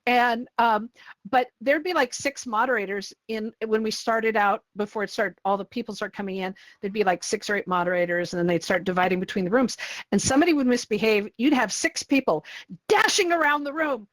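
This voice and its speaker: A woman hosting a casual panel chat, telling lively stories and acting out what people said. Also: on the high side, a little fast, dry recording, rough recording. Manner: animated storyteller, acts out quotes. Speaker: host and VR community moderator.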